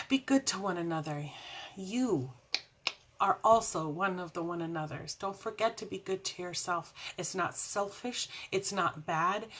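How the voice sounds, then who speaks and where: A woman talks to camera at home in a loose, rambling devotional chat, wandering into side stories and laughing often. Her voice sits at an ordinary middle pitch for a woman. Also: a bit bright, breathy edge. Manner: chatty and rambling, with frequent laughs and tangents. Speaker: faith vlogger and show host.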